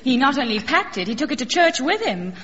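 A woman's voice: sits high, very animated, a little fast, fairly bright tone. A woman playing a prim, disapproving older sister, in 1960s radio sitcom style. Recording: muffled old radio recording, long reverb.

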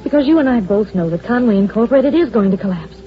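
A woman playing a sharp-tongued, bitter secretary. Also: a little high, expressive, quick pace, lightly acted. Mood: pleading. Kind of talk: 1940s radio acting. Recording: dull lo-fi old radio recording with faint music.

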